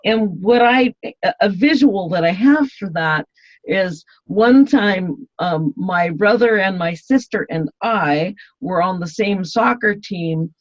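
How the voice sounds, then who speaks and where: A woman's voice: mid-range voice, lively intonation, takes it slowly, no echo. A woman guest in an interview, talking in a rambling way with many fillers and restarts. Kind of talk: casual interview talk. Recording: dull, dry lo-fi sound.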